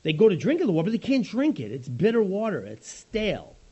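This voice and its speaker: A middle-aged male preacher tells the story with animated, conversational energy. His pitch sits fairly high and leaps about, and his tone is mellow with a husky grain. The recording is slightly muffled. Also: fast talker. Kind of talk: sermon.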